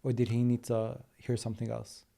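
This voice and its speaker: A man hosting an interview who asks gentle, slow, reflective questions. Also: medium pitch, completely flat delivery, gravelly. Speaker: podcast host.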